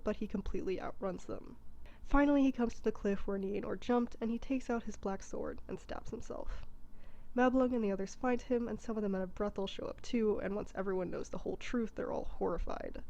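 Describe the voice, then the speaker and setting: A woman's voice: mid-range voice, dark tone, highs cut off. A woman narrating a comedic abridged retelling in a casual, irreverent way.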